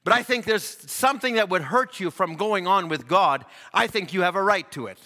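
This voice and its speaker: A man's voice: high-pitched, expressive, a little fast, few pauses, sharp tone. A man preaching a sermon earnestly, building emphasis through rhythmic repetition. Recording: long reverb of a church hall.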